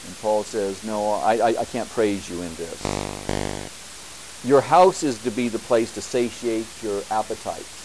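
A man preaching a church sermon, building to emphatic, repeated bursts and then dropping back to a quieter teaching tone. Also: fairly low pitch, a little slow, slight background noise, low-quality recording. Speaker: pastor.

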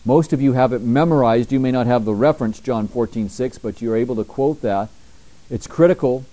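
Man, pastor, sermon, emphatic, mellow voice, slow scripture reading. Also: mid-range voice. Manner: emphatic preaching, slows down to read scripture.

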